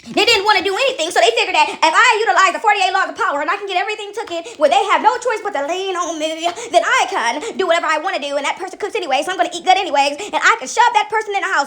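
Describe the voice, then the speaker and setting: High-voiced, fast-talking woman vlogger. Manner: rambling and animated, laughing often, acting out quoted voices. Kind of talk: casual spiritual monologue to viewers.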